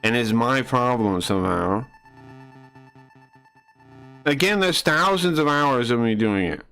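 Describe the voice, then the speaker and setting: Brash male streamer, mid-pitched, picks fights with chat, blunt and crude, low muttered asides. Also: expressive, measured pace, bright, forceful tone, smooth, soft background music. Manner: combative, mocking, crude and blunt. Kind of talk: casual live-stream rant.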